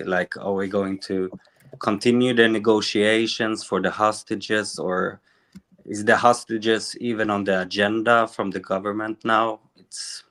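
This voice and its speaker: A half-Israeli man, a podcast guest, speaking in a halting, unsure way with many fillers. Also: fairly low pitch, fairly bright tone. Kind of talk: casual conversation.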